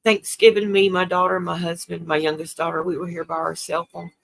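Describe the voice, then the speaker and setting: A woman's voice: fairly low pitch, level tone, fairly quick, gravelly. An older woman, hosting a casual livestream, talking tearfully and answering viewer comments. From South Carolina. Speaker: livestream host.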